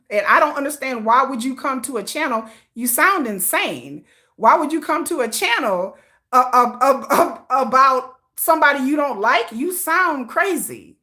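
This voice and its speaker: Sassy, animated woman livestream host. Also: sits high. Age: adult, old enough to have a teenage child. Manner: sassy and animated, with slangy put-downs and frequent laughter. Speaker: K-pop commentary livestream host. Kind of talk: casual livestream chat, reading viewer comments.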